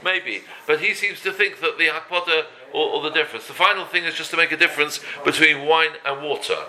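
A man teaching a daily religious law class, halting often and mixing Hebrew terms into his talk. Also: on the high side, pushed and bright, poor audio.

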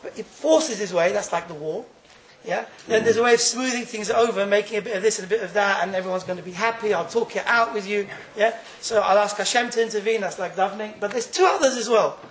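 A man giving an informal Torah class, telling stories in an animated way and laughing often. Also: high voice, fast, echoey room, slight background noise, low-quality recording. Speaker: Torah teacher.

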